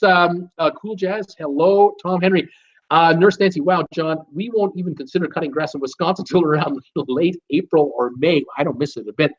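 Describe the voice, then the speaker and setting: A middle-aged man hosts a live cruise chat stream, reading out viewer comments in a friendly, rambling way full of fillers. His voice sits a little high for a man. The audio is dull and lo-fi, like a basic stream setup. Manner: chatty, upbeat, reads names and greetings aloud with many fillers.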